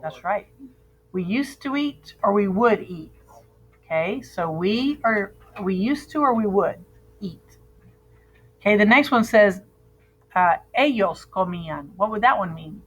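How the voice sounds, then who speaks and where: In a rough recording, a female Spanish teacher works through verb endings with her class, having students repeat after her. She's unhurried, steady, patient and clear, with a plain mid-range pitch.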